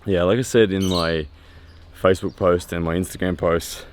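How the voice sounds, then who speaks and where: A man in his thirties talking candidly to camera after a training session, pausing often with fillers. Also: sits low, fairly even intonation, a little hiss or hum. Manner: candid and reflective, with many pauses and fillers. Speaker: strength training vlogger. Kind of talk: casual post-workout vlog talk. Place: training area after a workout.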